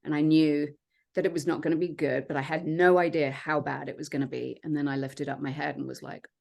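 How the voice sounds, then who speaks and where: A woman, a podcast guest, telling her own story in an earnest, reflective way with many pauses and fillers. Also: deep voice, flat delivery, gravelly, a little mellow. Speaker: podcast guest, transformation coach. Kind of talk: personal storytelling in conversation.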